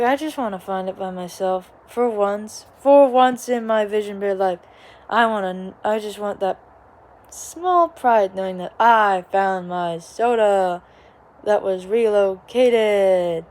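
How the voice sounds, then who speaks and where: A young woman vlogger with a medium-pitched, darkish voice tells a story from the living room of her small home. She is chatty and rambling, full of asides and quoted voices.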